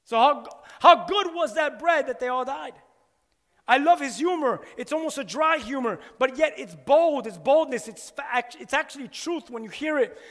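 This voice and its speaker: Man, preacher, sermon, very high pitch, animated, long hall reverb. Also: normal speed. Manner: animated, rhetorical questions, acts out quotes.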